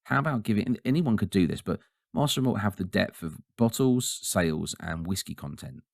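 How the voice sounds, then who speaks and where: A man co-hosting a podcast in casual chat, animated and ranting, often laughing. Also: lowish voice, brisk, gravelly, no echo, studio quality. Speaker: podcast co-host.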